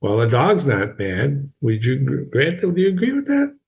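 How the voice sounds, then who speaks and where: A man doing a sly storybook cat who speaks in a slow, measured way. His voice sits at a middling pitch, unhurried and teasing. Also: huge pitch swings, vocal fry, darkish tone. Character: grinning cat, male, calm and teasing.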